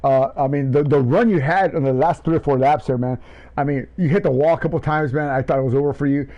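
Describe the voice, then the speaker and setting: A man commentating a sim race and interviewing drivers, shouting in excitement, then rambling. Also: mid-range voice, fast talker, lo-fi sound.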